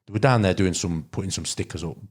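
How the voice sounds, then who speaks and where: Man, low voice, casual rambling storytelling, podcast guest. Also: fast. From Derbyshire, England. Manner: rambling storytelling with many restarts and fillers. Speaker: podcast guest, carp angler. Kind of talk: casual chat.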